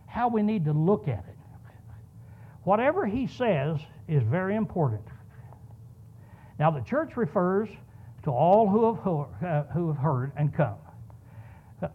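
A man's voice: high-pitched, husky. A man preaching a sermon, telling a story and asking rhetorical questions. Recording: tinny phone-like sound.

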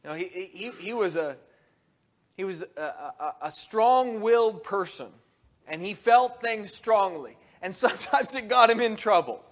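A man with a high-pitched voice delivers a sermon. He talks in an animated way, rising loud and quick when he acts out quotes and sinking low and quiet on solemn points. He often restarts his sentences and chuckles between points. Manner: animated, swings from soft to loud when quoting. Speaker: preacher.

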